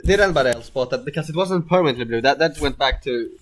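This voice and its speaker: Man commentating his own gameplay, halting, restarts sentences constantly, mid pitch. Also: expressive, a little hiss or hum. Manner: rambling, hesitant, stammers and restarts often. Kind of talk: casual let's-play commentary.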